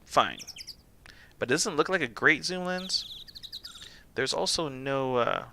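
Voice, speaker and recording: A man's voice: mid-range voice, takes it slowly, creaky, background noise. A young man streaming a game, chatting casually and joking, putting on voices. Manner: joking, animated, puts on voices. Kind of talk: casual let's-play chat.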